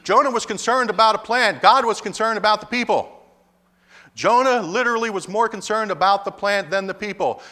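A man's voice: high voice, fairly quick, bright, forceful tone, in a large hall. A man preaching a sermon with emphatic delivery, speaking lines in the voices of God and Jonah in turn. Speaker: pastor.

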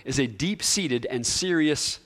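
A man preaching a sermon, emphatic, repeating key words and swinging between loud and soft. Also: mid-range voice, animated, a little slow. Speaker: pastor.

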